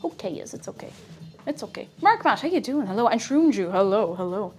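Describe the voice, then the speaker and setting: A woman's voice: medium pitch, sing-song, brisk, darkish tone. A young woman streamer chatting casually and rambling while she cooks, with frequent exclamations. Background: faint music.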